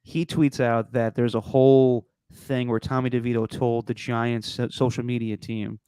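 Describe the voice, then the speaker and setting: A man's voice: mid-range voice, level tone, moderate pace, hardly any pauses, warm tone, smooth, no room sound. A man hosting a podcast, talking sports in a casual, frank and opinionated way, swearing now and then, on a close podcast mic. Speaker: podcast host.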